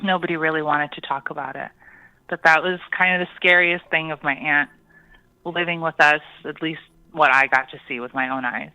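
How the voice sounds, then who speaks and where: A caller telling a personal ghost story on a call-in show, hesitant, with many pauses and ums. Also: medium pitch, steady tone, clean tone, no echo, highs cut off.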